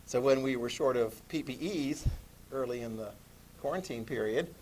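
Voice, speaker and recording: A middle-aged man teaching a history lesson to a class, animated, asking questions and acting out voices. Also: mid-range voice, normal speed, a little hiss or hum. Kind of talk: classroom lecture.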